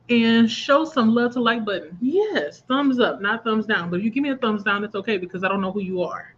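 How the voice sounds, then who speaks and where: A woman's voice: mid-range voice, fairly bright tone, muffled recording, a little hiss or hum. A woman hosting a book channel livestream, chatting casually, reading viewer comments aloud and laughing often.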